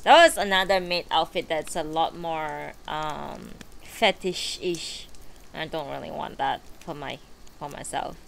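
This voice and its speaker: A woman's voice: low-pitched, measured pace, creaky, a little hiss or hum. A woman live streamer chatting casually from her bedroom before a book reading, rambling and swearing freely with lots of fillers. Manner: rambling and profane, with many fillers.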